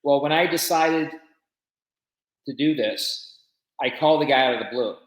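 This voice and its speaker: A man guest on a podcast, telling a business story in an animated, casual way. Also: medium pitch, moderate pace, echoey room, poor audio. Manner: animated storyteller with shifting loudness.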